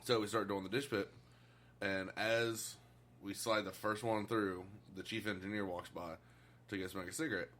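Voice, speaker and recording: Lowish guy rambling thru work stories, keeps laughing, cusses a lot. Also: fairly even intonation, moderate pace, a bit bright, slight background noise. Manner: laughs through his stories, swears freely. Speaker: podcast co-host. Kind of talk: casual storytelling chat.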